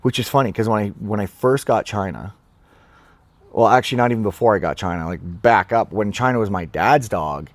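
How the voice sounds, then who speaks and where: A man's voice: fairly low pitch, fairly quick, no room sound. A young man, a podcast guest, telling long casual stories in a rambling way full of "like" fillers, recorded on a lapel mic clipped under his shirt. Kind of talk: casual storytelling.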